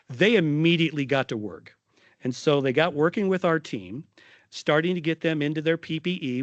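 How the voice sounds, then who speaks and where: Middle-aged male nurse leader at a podium, animated anecdote, dry mic. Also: mid-range voice, no echo, highs cut off. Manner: animated storytelling with voiced quotes. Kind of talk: conference talk.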